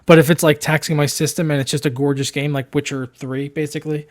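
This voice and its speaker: A man co-hosting a casual tech news show, animated and mocking, often repeating his words. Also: a little high, fast talker. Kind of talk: casual tech podcast chat.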